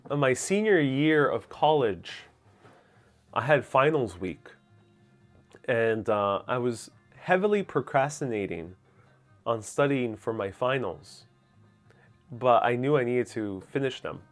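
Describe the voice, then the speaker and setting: A young man with a Nuyorican accent from Queens, answering viewer questions in a relaxed, rambling way with plenty of fillers. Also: medium pitch. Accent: New York Puerto Rican, Queens. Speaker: host. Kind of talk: casual livestream Q&A.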